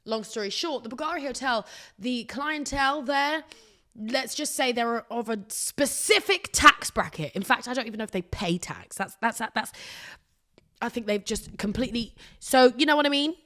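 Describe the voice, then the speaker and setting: A woman's voice: fairly high pitch, moderate pace. Rambling woman podcast host. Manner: rambling, animated, self-mocking storytelling with sudden whispers. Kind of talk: casual solo podcast chat.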